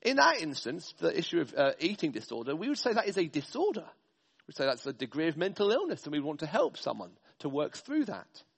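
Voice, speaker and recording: A man's voice: a little high, huge pitch swings, brisk, creaky, breathy edge, in a large hall. A man preaching a sermon, working through slides with emphatic, list-like stresses. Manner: emphatic, speaks in stressed lists.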